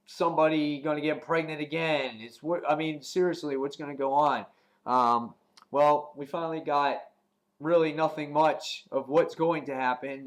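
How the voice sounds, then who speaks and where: A man giving a casual spoken review of a TV episode, rambling with many ums and restarts, and getting animated when he retells scenes. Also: mid-range voice. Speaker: TV show reviewer.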